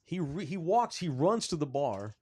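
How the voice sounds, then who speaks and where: A man co-hosting a sports podcast, telling a story in casual, animated, profane talk. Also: a little high, normal speed. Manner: animated, profane, rising when excited. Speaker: podcast co-host.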